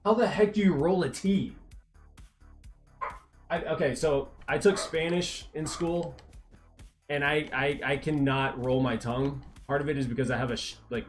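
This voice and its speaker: A man from Texas with a mild Texan accent, chatting casually and rambling with many restarts and fillers while live-streaming. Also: medium pitch. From Texas, USA.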